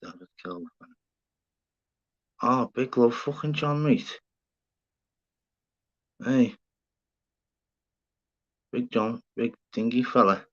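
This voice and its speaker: On a slightly dull, lo-fi livestream, a middle-aged Scouse host chats in a mid-range, expressive voice, speaking slowly with long pauses. He curses freely and addresses viewers as mate and fella.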